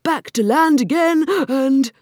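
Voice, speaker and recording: Woman doing a melancholy male Mock Turtle, sobbing, high-pitched, odd strained tone, storybook. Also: unhurried, slightly rough, dry recording, clean studio sound, exaggerated voice. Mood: excited. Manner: sobbing, mournful, then wildly excited.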